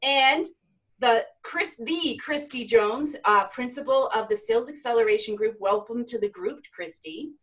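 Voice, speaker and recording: A woman's voice: fairly high pitch, normal speed, a bit bright, poor audio. A woman from Maine hosting a live virtual sales event over a video call, introducing guests with enthusiasm. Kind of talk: upbeat live webinar hosting.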